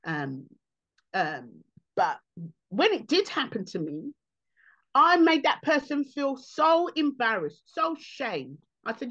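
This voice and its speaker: A woman comedian, answering interview questions in an animated way and acting out other people's voices. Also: high voice, slow pace, lo-fi sound.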